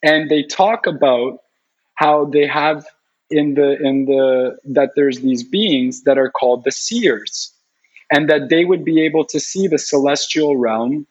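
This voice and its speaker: A man telling a long personal story in an animated, rambling way, full of "like" fillers. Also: on the high side, unhurried, breathy edge. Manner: rambling, heavy use of "like" fillers. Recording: dull lo-fi recording.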